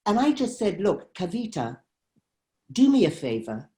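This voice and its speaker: A woman documentary filmmaker tells a story in an interview. She is emphatic and dramatic, and she acts out each heated exchange as she recounts it. Her voice sits at a middling pitch. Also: sing-song, a little slow, mellow.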